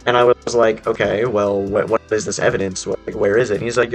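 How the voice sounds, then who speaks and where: A young adult man telling a personal story in casual speech, animated and rambling, with lots of fillers and swearing. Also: fairly low pitch, brisk, hardly any pauses, soft background music. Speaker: storyteller vlogger.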